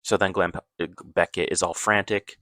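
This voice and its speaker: A man's voice: sits low, level tone, normal speed, sharp tone, no echo. A man casually recapping a movie plot, rambling loosely with lots of fillers and self-corrections.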